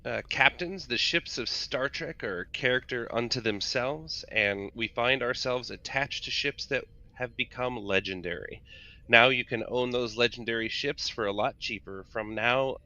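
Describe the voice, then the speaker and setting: A man co-hosting a casual live stream, chatting and reading a promo in a relaxed, confident way. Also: medium pitch, moderate pace. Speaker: podcast co-host. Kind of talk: casual chat and read promo. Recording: dull lo-fi audio.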